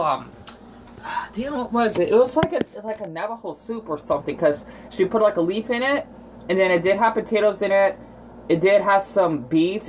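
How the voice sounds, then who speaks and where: A man's voice: fairly high pitch, a little hiss or hum. A young man talks on his own for a casual vlog. His delivery wanders and stalls on ums, and he keeps tacking on little questions. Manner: rambling and hesitant, many ums and tag questions. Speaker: vlogger.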